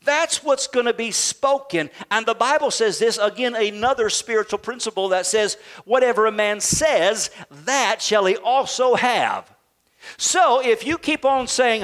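A middle-aged male pastor delivering a sermon in a notably high voice. He preaches emphatically, building to near shouts and then falling soft and slow to make his points. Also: expressive.

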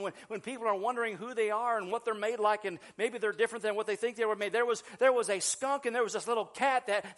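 Animated high-voiced preacher man. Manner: animated, chatty storytelling with laughs and restarts. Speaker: pastor. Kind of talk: sermon.

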